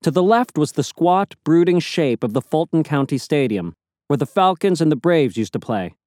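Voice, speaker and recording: A man narrating an audiobook in a measured storytelling manner. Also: fairly high pitch, animated, a little mellow, no room sound, studio quality. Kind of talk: scripted narration.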